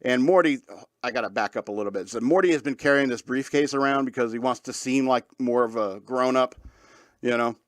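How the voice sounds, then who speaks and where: A man's voice: medium pitch, brisk, no echo. A man hosting a talk radio show, rambling in a casual monologue with lots of fillers and frequent laughs.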